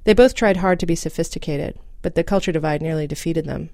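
A woman narrating a scripted radio story in a measured, even manner. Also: low-pitched, dry recording, clean studio sound.

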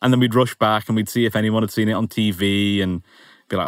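A young English man casually recounting a story, animated and amused, acting out quotes. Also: on the low side, fast talker, no echo, studio quality. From England. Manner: animated, amused, quoting himself. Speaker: interviewee telling his story.

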